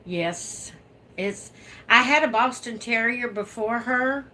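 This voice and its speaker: A woman's voice: on the high side, slow pace, sharp tone, slight background noise. A woman hosting her own livestream from home, chatting casually and laughing often as she reads out viewer comments. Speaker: livestream host. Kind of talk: casual live chat reading viewer comments.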